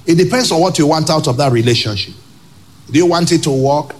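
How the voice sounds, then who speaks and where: A male pastor with a Nigerian English accent preaching a sermon to a congregation, emphatic, with loud rhetorical questions and pidgin asides. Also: on the high side, brisk, a little hiss or hum.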